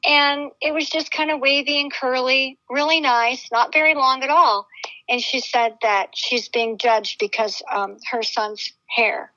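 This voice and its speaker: A woman's voice: high voice, unhurried, sharp tone. A woman casually recounting an experience to a host, acting out the dialogue as she goes. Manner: chatty, repeats quoted dialogue. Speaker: guest eyewitness. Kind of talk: casual storytelling conversation. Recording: dull lo-fi audio.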